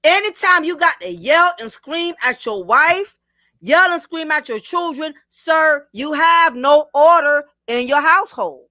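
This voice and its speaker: A woman's voice: high-pitched, expressive, a little slow, sharp tone, dry recording, clean studio sound. A married woman hosting a livestream, reading viewer comments and giving blunt, preachy commentary straight to the camera. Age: adult, married. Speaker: livestream host.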